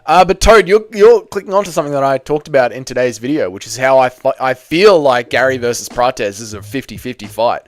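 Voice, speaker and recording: A man's voice: medium pitch, expressive, fairly quick, few pauses, no room sound. Bantering Australian man, dry close sound. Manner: joking, bantering, teasing chatters. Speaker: livestream host. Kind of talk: casual livestream chat, reading out viewer comments.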